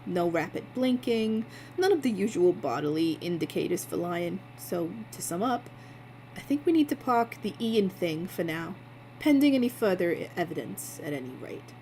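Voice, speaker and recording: A woman voicing a calm male investigator who asks measured, probing questions in a slightly lowered voice. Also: a little hiss or hum, close to an everyday voice, rough recording.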